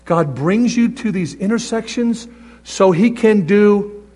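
A male pastor preaching a sermon, animated, acting out little voices and reading scripture aloud. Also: sits high, slow. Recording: long reverb of a large hall.

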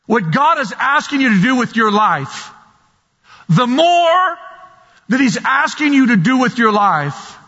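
Slow husky-voiced preacher in an echoing hall. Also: male voice, sits high, bright, forceful tone. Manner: slow, emphatic, repeating key words. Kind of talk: sermon. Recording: dull sound with long hall reverb.

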